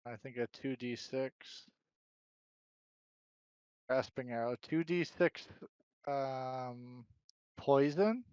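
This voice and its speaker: A man playing a casual tabletop game works through his dice math out loud, speaking extremely slowly with long pauses. His mid-range voice is a little mellow and clean, with no room sound, though the lo-fi recording is slightly muffled.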